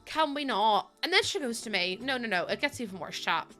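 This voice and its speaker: A woman's voice: fairly high pitch, very animated, fast talker, sharp tone, soft background music. A woman with a Northern Irish accent, chatting casually to her viewers while building in a game, laughing often. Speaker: streamer.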